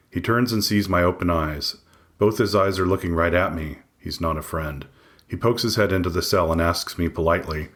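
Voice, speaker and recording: A man reading his own memoir aloud in first person, measured, matter-of-fact and wry. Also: deep voice, fairly bright tone. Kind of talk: first-person audiobook narration.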